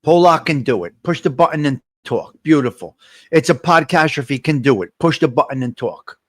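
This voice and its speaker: Man, livestream host, higher-pitched voice, dry close mic, motivational, repeats himself, reads chat comments. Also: lively intonation, normal speed, no room sound. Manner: motivational, repetitive, addresses viewers directly. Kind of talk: casual live morning chat, reading chat comments.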